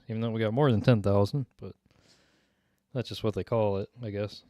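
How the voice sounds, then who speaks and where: A man's voice: on the low side, steady tone, moderate pace, warm tone, no echo, clean studio sound. A young man from Minnesota with a slight Minnesota accent, chatting casually with his stream viewers and laughing often. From Minnesota, USA. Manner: laid-back, laughs often, answers chat. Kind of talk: casual livestream chat.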